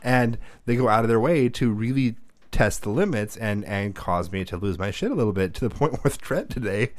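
Profane, animated dad telling stories. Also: male voice, fairly low pitch, moderate pace, dry recording. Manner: profane, animated storyteller who shouts when reenacting. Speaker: podcast co-host. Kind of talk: casual chat.

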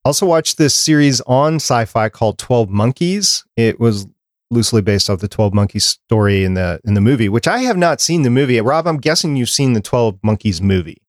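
A man in a casual podcast conversation, reading down a prepared list in a chatty, easygoing way. His voice sits at a middle pitch and sounds dry and close, with no room echo. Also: animated, normal speed. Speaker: podcast host.

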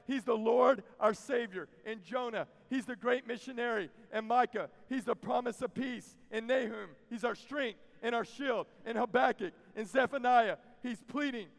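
A man preaching a sermon to a youth camp crowd, moving from quiet teaching to loud, emphatic preaching with folksy asides. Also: very high voice, normal speed, creaky, hardly any pauses. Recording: long reverb of a large hall.

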